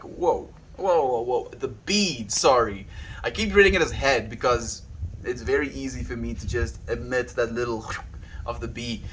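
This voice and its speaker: A man streaming live, reading viewer chat aloud in a playful, giggly way and turning earnest and gentle when he reflects. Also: medium pitch, animated, unhurried, a little hiss or hum, low-quality recording. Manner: playful and giggly, often laughing. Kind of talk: casual livestream chat.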